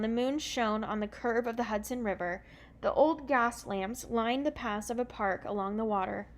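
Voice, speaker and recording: A woman reading a children's book aloud in a relaxed, unpolished way, correcting her own slips as she goes. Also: on the high side. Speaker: reader.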